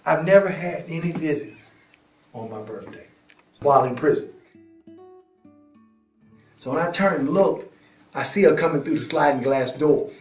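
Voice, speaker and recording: Animated man in a roomy echo. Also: mid-range voice. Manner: acts out scenes and voices, drops to hushed tones. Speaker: prisoner telling his story. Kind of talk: animated storytelling. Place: prison visitation room, indoors. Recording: roomy echo, faint guitar music.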